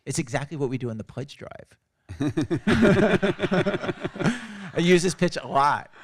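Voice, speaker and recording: A male radio host chats with a guest on stage, wry and conversational. His voice sits a bit higher than most men's, and he speaks with easy confidence. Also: lively intonation, slow, breathy edge. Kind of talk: onstage conversation. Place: stage at an awards event.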